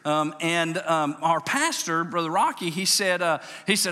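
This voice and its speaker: Folksy Southern preacher in a reverberant hall. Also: male voice, measured pace. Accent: Southern US, Louisiana. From Louisiana. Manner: folksy and animated, acts out voices, drops low and quiet for emotional moments. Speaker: pastor, state police chaplain. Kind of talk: storytelling sermon. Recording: long reverb of a large hall.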